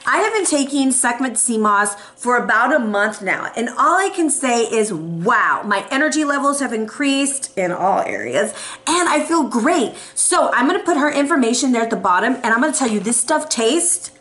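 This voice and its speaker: A woman giving a casual, playful tarot reading to her viewers, chatting and giving shout-outs. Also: a little high, sing-song, normal speed. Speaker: tarot reader.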